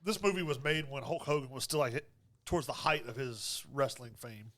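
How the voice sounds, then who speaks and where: Quick, chuckling podcast guy. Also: mid-range voice, fairly bright tone. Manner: quick, chuckling, eager to add trivia. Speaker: podcast co-host. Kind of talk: casual movie review chat.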